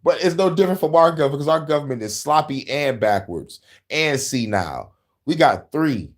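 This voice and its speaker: A man in his thirties hosting a casual podcast, talking politics and movies with profanity, laughing often and breaking into loud shouted impressions. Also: on the high side, expressive, brisk. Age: 30s. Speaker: podcast host.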